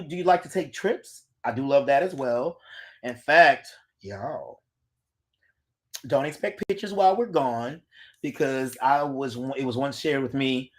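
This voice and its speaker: Chatty live-stream host on a phone. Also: mid-range voice. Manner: chatty, reads viewer comments aloud and greets viewers by name. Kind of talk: casual live-stream chat.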